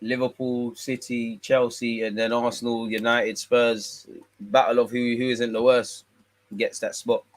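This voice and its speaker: A man's voice: mid-range voice, flat delivery, measured pace, dry recording. Slangy man with a dry voice. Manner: slangy, laid-back, bantering. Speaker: fan channel host. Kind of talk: casual livestream chat, reading viewer comments.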